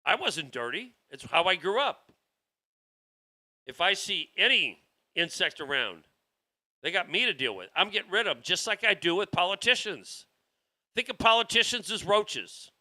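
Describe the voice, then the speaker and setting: Guy ranting on his political talk show, bright sharp voice, kinda high, keeps restarting sentences. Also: very animated, normal speed. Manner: rambling, heated, with many restarts. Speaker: show host.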